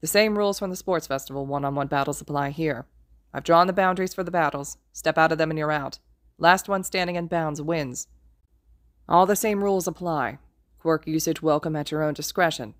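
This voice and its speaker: A woman's voice: sits low, brisk, no room sound, studio quality, close to an everyday voice. A woman voicing a tired male teacher who gives blunt, matter-of-fact instructions. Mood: curt.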